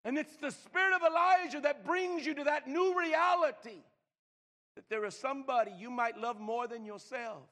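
An older man preaching a sermon, stammering and repeating words, swinging from loud emphasis to hushed slow lines. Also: extremely high pitch. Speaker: pastor.

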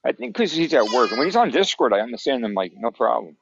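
A man's voice: medium pitch, very animated, quick pace, creaky, lo-fi sound, slight background noise. A man hosting a casual podcast chat on a headset, laid-back and swearing casually.

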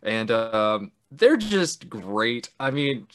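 A man's voice: medium pitch, big pitch swings, very slow. A man co-hosting a casual film discussion podcast, enthusiastic, laughing often and swearing casually. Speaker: podcast co-host.

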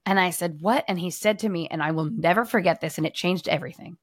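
A young adult woman co-hosting a casual faith conversation, telling personal stories in an animated way. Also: on the low side, fast talker, hardly any pauses, breathy edge, dry recording, clean studio sound. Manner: animated storyteller, acts out quotes. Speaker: podcast co-host.

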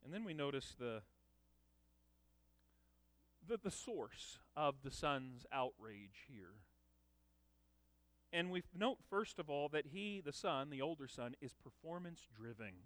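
A man preaching a sermon, emphatic, with loud dramatic peaks. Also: on the high side, sing-song, unhurried, pauses often, dry recording. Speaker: pastor.

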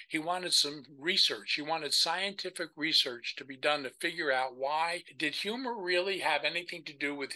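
An older man, a podcast guest, telling stories in a lively way and acting out the people he quotes. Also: mid-range voice, poor audio. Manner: animated storyteller who acts out the voices of the people he quotes. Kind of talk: storytelling conversation.

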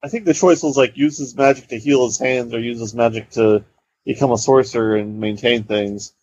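A man's voice: mid-range voice, steady tone, brisk, darkish tone, breathy edge, no room sound. A man co-hosting a podcast, chipping in briefly in casual chat. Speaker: podcast co-host. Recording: dull lo-fi, dry.

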